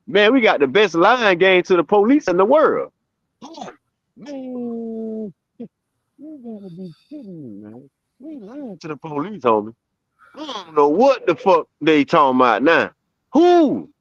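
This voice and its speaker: A man's voice: high voice, slow pace, no room sound. A man co-hosting a casual street-talk chat, reacting with disbelief and laughter. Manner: incredulous, laughing, lively reactions. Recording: dry, dull lo-fi sound.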